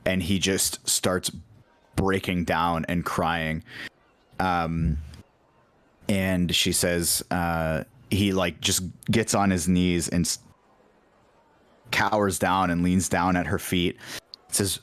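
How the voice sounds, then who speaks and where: A man narrates a tabletop game as dungeon master, speaking over an online voice call. His delivery is loose and full of fillers, with a very deep voice and a slow, unhurried pace. The sound is dry and close. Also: fairly even intonation, a bit bright, no echo.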